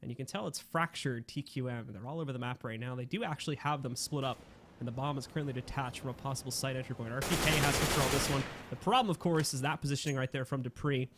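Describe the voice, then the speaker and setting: A man giving lively play-by-play commentary on an esports match, chatty and quick to laugh. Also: medium pitch, noisy background. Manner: laughs easily, upbeat and chatty. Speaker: esports caster.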